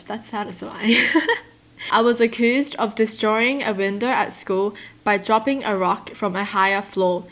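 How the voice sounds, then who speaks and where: A young woman reads out stories and reacts to them in animated casual chat, laughing often. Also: medium pitch, a little slow. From Australia. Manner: animated, laughs often, slips into mock voices. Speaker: YouTuber reading and reacting to stories.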